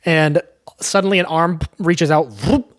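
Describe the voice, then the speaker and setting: A man's voice: fairly high pitch, fairly even intonation, a little slow, noisy background. A young man giving a casual, profane movie recap, with frequent asides of "right?" and "like". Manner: chatty, profane, tags lines with "right?". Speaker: movie reviewer.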